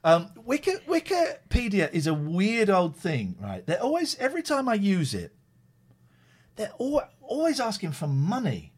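A man's voice: high voice, wildly swooping pitch, unhurried, slightly rough. A middle-aged man hosting a radio show, teasing and joking with playful stumbling restarts. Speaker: radio host. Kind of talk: casual radio banter. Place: radio studio.

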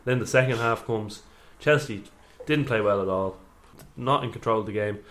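Male co-host, lowish voice, calm analytical pundit. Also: moderate pace. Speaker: podcast co-host. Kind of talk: casual football chat.

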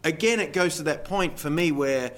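A man's voice: fairly high pitch, normal speed, fairly bright tone. A man in his thirties hosting a podcast, chatting casually and jokily, trailing off into fillers as he talks. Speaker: podcast host. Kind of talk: casual chat. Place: Sweden.

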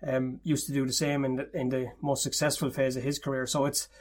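A man's voice: mid-range voice, little pitch movement, brisk. A man interviewing a guest, asking long, winding questions.

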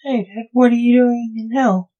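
A woman's voice: fairly high pitch, fairly even intonation, moderate pace, mellow, lo-fi sound, pitched above the performer's own voice, close to an everyday voice. A woman voicing a sarcastic, jesting young male necromancer teasing his father in a read-aloud story.

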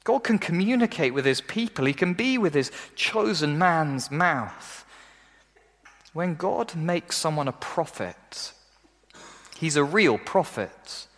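Animated preacher in a reverberant hall. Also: male voice, takes it slowly. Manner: animated, acts out quoted voices in a raised pitch. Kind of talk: sermon.

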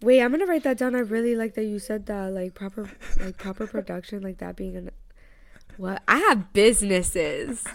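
A young woman co-hosting a casual podcast chat, loud and giggly, repeating catchphrases. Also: medium pitch, steady tone, fairly quick. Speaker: podcast co-host.

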